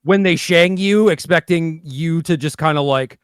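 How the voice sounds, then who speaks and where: Podcast co-host, male, relaxed filler-heavy chat, dry close sound. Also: on the high side, normal speed, few pauses, clean tone, no echo. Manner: laid-back, filler-heavy, loose storytelling. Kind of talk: casual card game chat.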